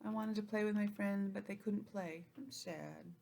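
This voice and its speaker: A woman teaching an online lesson to young children, gentle and expressive, acting out feelings in a sing-song way. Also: medium pitch, normal speed, a little hiss or hum. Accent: New England.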